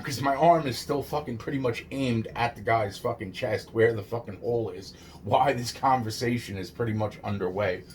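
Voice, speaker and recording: A man's voice: mid-range voice, slight background noise. Rambling, foul-mouthed man telling a story. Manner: rambling, heavy swearing, restarts and laughs. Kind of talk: casual personal storytelling.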